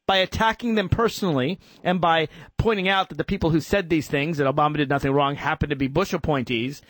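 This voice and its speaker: A man hosting a political talk radio show, arguing in an animated way and acting out imagined exchanges. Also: on the high side, fast talker, no room sound.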